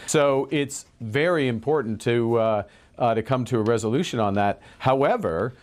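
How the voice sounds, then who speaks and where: A man answering news interview questions in a deliberate way, pausing often with "uh". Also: medium pitch, darkish tone. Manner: deliberate, with frequent "uh" pauses. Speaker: interviewed politician.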